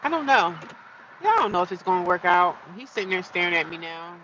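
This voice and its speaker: A woman rambles casually to her livestream viewers from inside her car, her voice bright and sharp. The phone audio is dull and a little distant from the mic, with faint vehicle noise behind her. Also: lowish voice, animated, quick pace. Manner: chatty, rambling, talks to viewers. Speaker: livestreaming vlogger. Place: inside a parked or slowly driving car.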